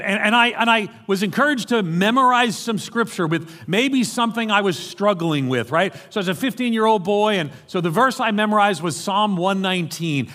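A middle-aged man with a New York accent preaches in a church hall, his fairly high voice carrying a long reverb tail. He moves between animated emphasis and joking asides to the congregation. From New York City. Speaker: pastor. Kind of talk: sermon.

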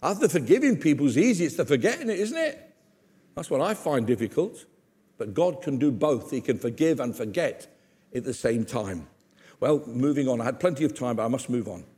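A man's voice: medium pitch, big pitch swings, fairly quick, a little mellow, slightly rough. An older man preaching a sermon, acting out Bible scenes with humor and asides to the congregation.

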